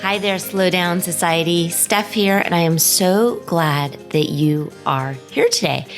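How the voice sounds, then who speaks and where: A woman hosting a podcast and coaching her listeners in an enthusiastic, encouraging way, stretching out key words. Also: fairly low pitch. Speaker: podcast host and life coach. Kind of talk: upbeat motivational podcast talk.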